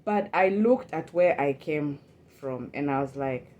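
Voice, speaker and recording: Animated woman telling a personal story. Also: low-pitched, unhurried. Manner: animated and emotional, repeats words, restarts often; acts out her own past thoughts in a livelier voice. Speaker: storyteller recounting a personal experience.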